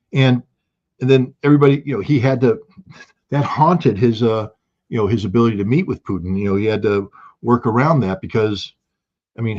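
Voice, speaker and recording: A man giving heated political commentary as a guest, forceful and indignant, often restarting his sentences. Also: medium pitch, husky, dull audio.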